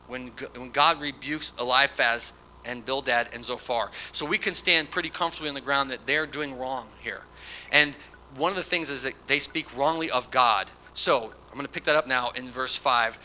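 A man's voice: mid-range voice, normal speed, sharp tone, a little hiss or hum, poor audio. A man preaching a conversational sermon, reading scripture verses aloud with emphasis.

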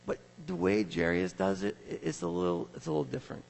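A man's voice: on the low side, fast, gravelly, in a large hall, slight background noise, rough recording. A man preaching a sermon as a pastor, acting out scripture scenes with a volunteer. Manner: animated, acts out scripture scenes.

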